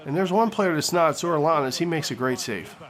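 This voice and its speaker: High-voiced excitable male game commentator. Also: quick pace. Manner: excitable, crude jokes, shouts on big plays. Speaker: gaming commentator. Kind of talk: comedic play-by-play game commentary.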